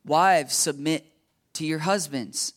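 A man from the United States preaching a sermon in an animated, joking way, often checking in with his listeners. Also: a little high, slow. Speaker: pastor.

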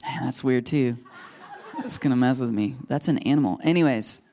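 A man's voice: mid-range voice, moderate pace, gravelly, mellow, a little hiss or hum. A man preaching a sermon to a live congregation in a loose, conversational way, joking and laughing at himself between points.

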